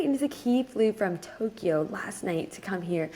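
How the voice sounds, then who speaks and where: A young woman co-host tells a story at chatty podcast pace, and her pitch rises and falls freely. She fills her talk with "like" and jumps higher whenever she quotes someone. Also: normal speed. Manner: animated, lots of "like" fillers, voice jumps up when quoting people. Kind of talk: casual storytelling chat.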